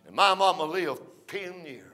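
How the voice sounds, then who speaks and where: An older man preaching a folksy storytelling sermon, rising to shouts between drawn-out "uh" phrases. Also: high-pitched.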